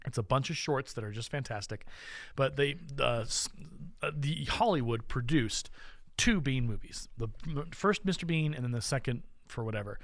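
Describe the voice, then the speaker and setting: A man's voice: mid-range voice, lively intonation, moderate pace, no echo. A man co-hosting a podcast in casual chat, enthusiastic and rambling with frequent restarts. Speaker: podcast co-host.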